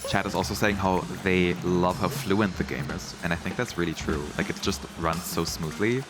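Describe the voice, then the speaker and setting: A man with a very low voice chats excitedly through a live game demo at an event booth, laughing and reacting as he goes. Clear game music plays behind him. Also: moderate pace. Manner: chatty, excitable, often laughing. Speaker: event stream presenter. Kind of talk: casual game commentary.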